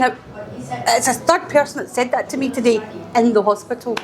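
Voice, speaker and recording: Animated Scottish woman hosting, crowd behind. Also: a little high, a little fast. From Scotland. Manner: animated, laughs often, repeats phrases. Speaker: podcast host. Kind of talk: casual chat.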